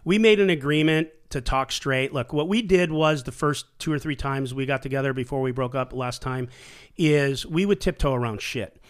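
A man's voice: mid-range voice, moderate pace. A middle-aged man hosting a talk show, talking bluntly and emotionally with constant swearing. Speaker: podcast host. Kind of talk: heated casual conversation.

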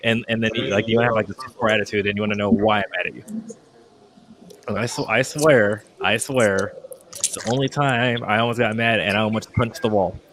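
Over crowd noise, a man with a lowish voice and steady tone tells a long podcast story. He's in his thirties, and the telling is rambling and halting, packed with fillers and restarts, as he heatedly acts out what he said back then.

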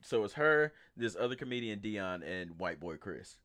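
A man's voice: lowish voice, big pitch swings, moderate pace, a bit bright. A man hosting a casual podcast chat, laid-back, laughing often and swearing freely. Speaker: podcast host.

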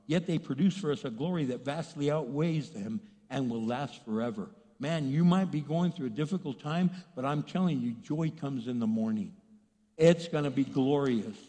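A middle-aged male pastor from Texas preaching a sermon to a packed church, swinging from hushed asides to fired-up shouting. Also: mid-range voice, normal speed, big-room sound.

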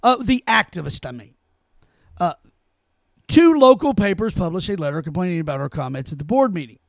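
Indignant high-voiced male podcast host. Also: expressive, a little fast, gravelly, dry recording. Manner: indignant, emphatic, repeats phrases. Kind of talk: opinionated solo podcast rant.

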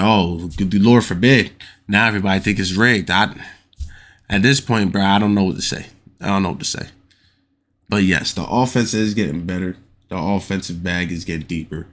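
A man's voice: sits low, a bit bright. Slangy man hosting a casual podcast. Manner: loose and slangy, keeps asking "you know what I'm saying"; gets worked up and rhetorical, repeats himself. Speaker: podcast host. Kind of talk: casual solo podcast talk on sports.

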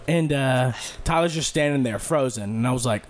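Profane, animated storytelling man. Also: medium pitch, moderate pace, a little hiss or hum. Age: late 20s. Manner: animated, profane, acts out quotes. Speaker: podcast co-host. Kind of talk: casual storytelling.

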